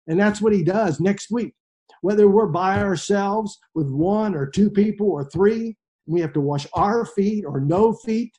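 A middle-aged male pastor preaching a sermon in an earnest way, dropping to a hush and then rising to emphasis. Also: high-pitched. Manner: earnest, shifts between hushed and emphatic.

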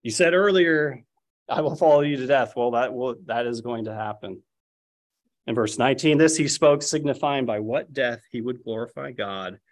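A man's voice: medium pitch, lively intonation, moderate pace. A man preaching a sermon, telling the story and acting out the lines he quotes. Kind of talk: expository sermon.

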